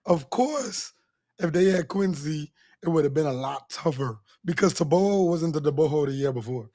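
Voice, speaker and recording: High-voiced man, boastful and emphatic. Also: lively intonation, normal speed, mellow, no room sound, studio quality. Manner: boastful, laughing, emphatic repetition. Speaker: podcast co-host. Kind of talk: casual sports chat.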